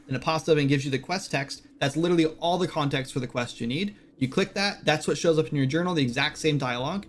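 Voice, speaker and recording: A man hosting a casual game-development live stream, rambling with lots of "like" and "right?" fillers. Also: fairly high pitch. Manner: quotes game characters in brief voices.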